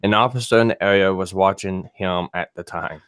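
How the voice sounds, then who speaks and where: A man co-hosting a casual chat, reading a news story aloud in a steady way with dry asides. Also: deep voice, a little fast, clean tone, dry recording.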